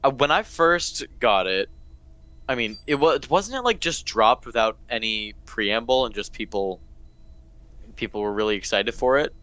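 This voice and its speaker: Lively young guy, smooth and close. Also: moderate pace, no room sound. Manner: playful, jumps into silly high squeaky bits. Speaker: podcast co-host. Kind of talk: casual chat.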